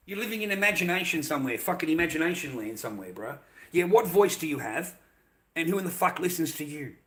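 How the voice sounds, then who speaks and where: A middle-aged Australian man rants straight to his audience, sarcastic and mocking, with heavy swearing. His voice sits a little high and has a sharp, bright edge. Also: big pitch swings, fast. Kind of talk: ranting monologue.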